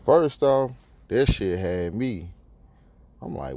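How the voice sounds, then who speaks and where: A podcast host with a lowish voice takes his time as he delivers a blunt, profane opinion on a news story. His casual talk is animated and full of rhetorical flourishes.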